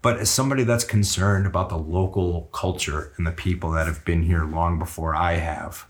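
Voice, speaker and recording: A man with a very low voice co-hosts a casual podcast. He tells stories in a laid-back, rambling way, swearing often. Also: moderate pace. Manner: laid-back, profane storytelling. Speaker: podcast co-host. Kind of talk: casual chat.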